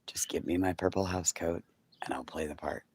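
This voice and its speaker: A man's voice: low-pitched, normal speed, a little mellow, breathy edge. A man hosting a casual morning livestream chat. He talks sarcastically, swears, and drops into whispered asides. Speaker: livestream host.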